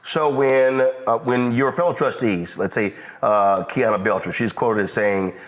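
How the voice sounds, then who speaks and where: Probing male interviewer with measured questions. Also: medium pitch, poor audio. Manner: probing, measured, with many fillers.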